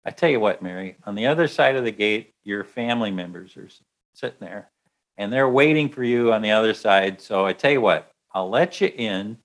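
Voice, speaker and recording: Man playing a kindly, firm gate saint; low and steady. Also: a little fast, lightly acted. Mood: bargaining. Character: firm but kindly male gatekeeper saint.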